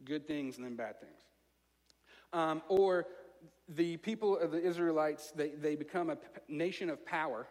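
Man, Southern American accent, chatty self-mocking preacher, high-pitched, echoing sanctuary. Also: moderate pace. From Alabama, US. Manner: conversational and self-mocking, with lively asides. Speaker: pastor. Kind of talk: storytelling sermon. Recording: long reverb of a large hall.

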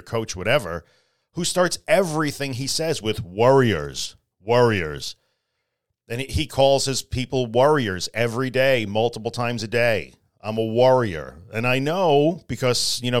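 A man's voice: mid-range voice, no room sound, studio quality. A middle-aged man hosting a solo podcast, talking casually but earnestly and repeating his key phrases for emphasis. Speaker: podcast host.

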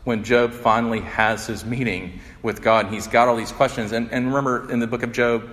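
A man's voice: fairly low pitch, fairly bright tone, big-room sound. A man preaching a conversational, earnest sermon as a pastor. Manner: earnest, conversational, voice rising when acting out quotes.

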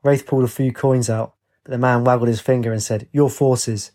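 A man narrating a story in a steady, plain audiobook reading. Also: mid-range voice, quick pace.

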